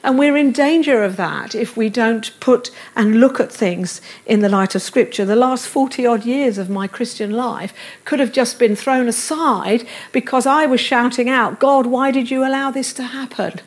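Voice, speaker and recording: A woman's voice: a little high, moderate pace, few pauses. A middle-aged woman preaching a sermon in a church, earnest, with repeated affirmations and light self-deprecating humor. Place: church service room.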